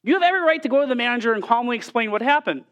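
A woman's voice: on the high side, expressive, rapid-fire, a bit bright. A woman preaching a sermon in an earnest manner, often repeating rhetorical questions to her listeners.

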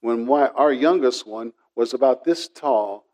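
A man's voice: mid-range voice, a little slow. A middle-aged man preaching a sermon, telling a personal story and acting out the voices in it. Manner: storytelling, animated with quoted voices. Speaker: pastor.

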